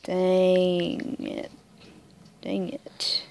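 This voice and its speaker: Frustrated young gamer woman, lively pitch. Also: very slow, gravelly. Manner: frustrated, muttering to herself, bursts of high squealing shouts. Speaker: gamer playing an online wolf game. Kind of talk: casual gameplay commentary.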